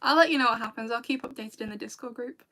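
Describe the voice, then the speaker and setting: Bright, high-voiced British woman streaming. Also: fast. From Britain. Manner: chatty and rambling, with frequent laughs. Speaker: video creator and streamer. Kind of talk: casual livestream chat with viewers.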